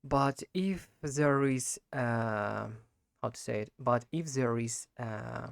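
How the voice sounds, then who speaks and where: A man who is not a native speaker of English, talking his way through practice questions, halting and correcting himself as he goes. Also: medium pitch, vocal fry, no room sound, clean studio sound. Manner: halting, frequent self-corrections and repeats. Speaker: language learner practicing speaking. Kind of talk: unscripted spoken practice monologue.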